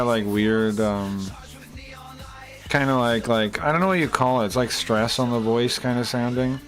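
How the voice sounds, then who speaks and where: A man rambles casually to his live chat, swearing now and then and filling gaps with ums. His voice sits at an ordinary middle pitch. Faint music plays behind him. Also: a bit bright. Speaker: streamer.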